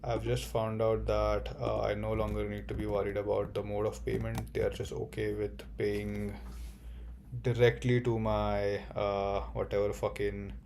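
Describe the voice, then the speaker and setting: A young man delivers a comedic monologue as a job-hunting student, swearing often and rambling excitably with sudden outbursts. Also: fairly low pitch, moderate pace, creaky, a little hiss or hum.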